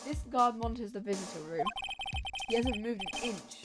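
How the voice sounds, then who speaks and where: A woman's voice: a little high, a little fast. A woman streaming a game playthrough, reading lines aloud and chatting in a playful, self-mocking way. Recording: game music behind.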